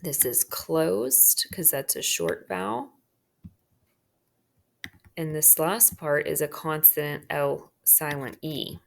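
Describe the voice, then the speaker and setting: Low gravelly woman teaching phonics. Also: slow. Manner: talks through marking a worksheet, checks in with "okay?". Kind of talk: phonics lesson walkthrough.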